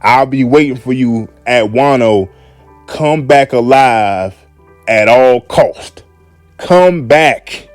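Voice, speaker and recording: A man's voice: medium pitch, slow, dry recording, soft background music, lightly acted. A man quoting an earnest young male pirate captain, speaking urgently in his own everyday voice.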